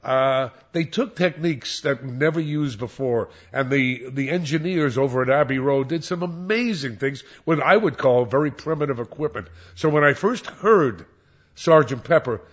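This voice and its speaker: An older man, a former radio disc jockey, reminiscing in an interview in a rambling, animated way with many restarts. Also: mid-range voice, moderate pace. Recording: dull lo-fi recording.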